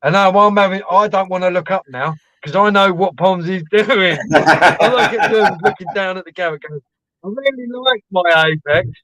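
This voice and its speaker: A man's voice: sits high, moderate pace, bright, forceful tone, dry recording. A man telling rambling, laughing anecdotes as co-host of a live stream. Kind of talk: casual storytelling chat. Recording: dull lo-fi dry stream audio.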